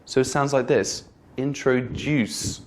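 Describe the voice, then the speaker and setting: A man teaching English pronunciation, speaking clearly and modeling each word slowly with exaggerated stress. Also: medium pitch, slight background noise. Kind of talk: slow, clear teaching delivery.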